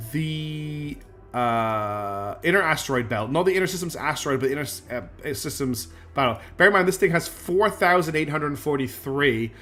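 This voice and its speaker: A man's voice: mid-range voice, fairly bright tone. A man streaming live, thinking aloud through his gameplay and chatting back to viewers. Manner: thinks aloud while playing and answers chat.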